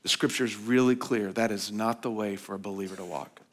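A man preaching a sermon as pastor, telling a personal story in a conversational way, rising to emphatic points and dropping soft and low for reflection. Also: steady tone, a little fast. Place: church hall.

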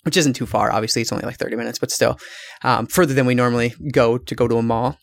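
A man's voice: mid-range voice, steady tone, fast talker, creaky. A man from Michigan co-hosting a podcast, telling a long story in a rambling, casual way, swearing freely and restarting his sentences. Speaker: podcast co-host.

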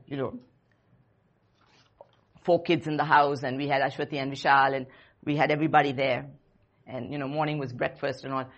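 A woman in her fifties gives a sermon in church, her voice low and husky. She talks to the congregation in a personal, conversational way and repeats short phrases with emphasis. Her tone stays earnest and direct. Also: a bit bright. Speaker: church speaker.

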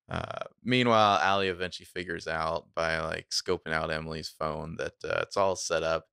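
A man with a very low, gravelly voice chats casually as a podcast co-host, recapping an episode. His tone is bright and crisp, laid-back, with easy laughter. The sound is dry and close. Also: steady tone, moderate pace, dry recording. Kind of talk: casual chat.

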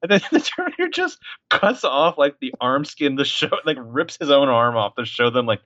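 A man co-hosting a casual movie podcast, animated and profane, acting out scenes as he talks. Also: medium pitch, normal speed, no room sound, muffled recording. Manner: animated, profane, acts out lines. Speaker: podcast co-host.

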